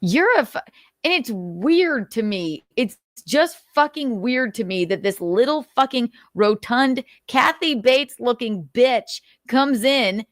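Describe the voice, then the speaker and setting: This livestream host has a fairly high, expressive voice and takes her time. Her heated commentary is full of anger, profanity and repetitive rhetorical questions, and she sometimes chokes up with emotion. The sound is studio quality with no echo.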